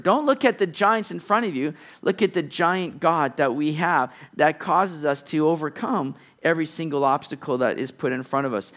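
Animated high-voiced male preacher. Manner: animated preaching, acting out characters' lines. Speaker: pastor. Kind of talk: sermon.

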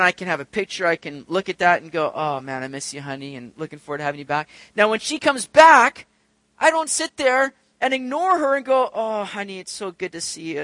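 A man delivers a sermon in a high, bright voice. He talks to his listeners in a chatty, conversational way and lifts into emphatic, climbing peaks to make his point. The sound is dry and close, with no room echo. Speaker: pastor.

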